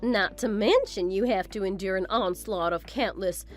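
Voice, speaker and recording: A woman's voice: mid-range voice, moderate pace, faint music behind, natural voice. A woman voicing a vain, condescending mother-in-law in a scripted story drama. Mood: scornful. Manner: condescending, boastful, theatrical. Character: haughty vain older mother-in-law, scornful.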